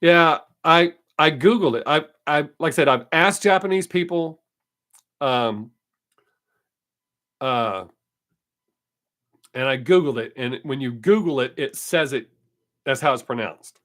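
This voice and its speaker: A man's voice: fairly high pitch, expressive, measured pace, pauses often, fairly bright tone. A man hosting his weekly live stream, chatting casually and answering viewer comments, brushing off critics. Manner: dismissive of critics.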